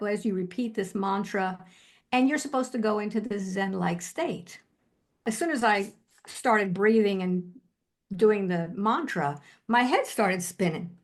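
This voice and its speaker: An older woman, a hypnotherapist, telling a personal story in an interview in an animated way, quoting herself and using many fillers. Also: medium pitch. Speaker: hypnotherapist guest.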